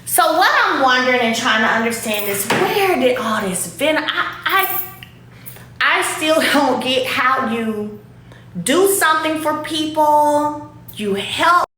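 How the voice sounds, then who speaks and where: Animated woman ranting in an echoey room. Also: sits high, slow pace. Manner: animated, emphatic, repeats herself. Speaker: show host addressing critics. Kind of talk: casual direct-to-camera rant.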